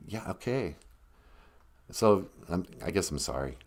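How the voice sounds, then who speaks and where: Rambling, self-deprecating comic host. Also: male voice, low voice, very animated, a little slow, creaky, pauses often. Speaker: host of a kids' language show. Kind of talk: comedic live stream.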